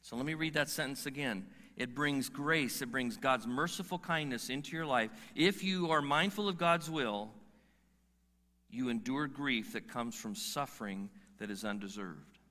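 A man's voice: medium pitch, moderate pace, bright, forceful tone. A man preaching a sermon as pastor, emphatic, firing rhetorical questions and stretching out key words. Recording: long reverb of a large hall.

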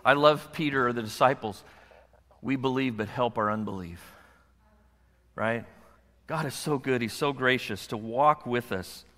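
An older man, a pastor, preaching a sermon to his congregation, animated and acting out the voices of his kids and wife. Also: medium pitch, a little slow, long pauses, long reverb tail. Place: church sanctuary.

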